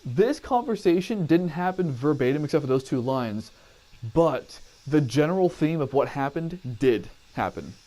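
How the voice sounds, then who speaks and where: Guy telling a story off the cuff, kinda higher voice, swears a lot, keeps backtracking. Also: lively intonation, moderate pace, mellow. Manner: rambling, profane, often restarts and corrects himself. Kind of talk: casual personal storytelling.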